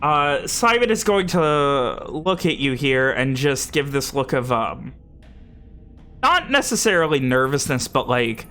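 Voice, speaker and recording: A man's voice: medium pitch, very animated, measured pace, sharp tone, soft background music. A man narrating as game master in a casual tabletop session, swearing freely and acting out how the players react.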